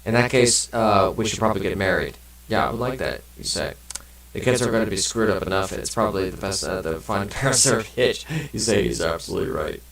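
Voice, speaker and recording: Brief: low-voiced man doing loose, cussing let's play commentary in a roomy space. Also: animated, fairly quick, creaky, a bit bright, distant mic. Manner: rambling, swears casually, many fillers. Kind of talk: casual gameplay commentary, reading game text aloud.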